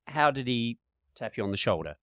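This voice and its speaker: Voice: mid-range voice, lively intonation, brisk, a bit bright, no echo, clean studio sound. A podcast co-host asking curious questions and joking in casual chat. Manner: curious, playful, jokey interjections.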